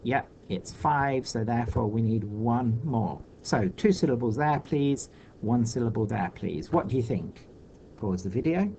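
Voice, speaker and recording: A man teaching children in a recorded online lesson, thinking aloud patiently with many pauses and fillers. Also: medium pitch, expressive, mellow, slight background noise, low-quality recording.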